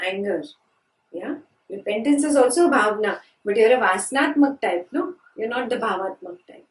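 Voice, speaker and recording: A woman teaching a scripture class, asking her students questions and repeating key phrases. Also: mid-range voice. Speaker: spiritual teacher. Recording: echoey room from a distance.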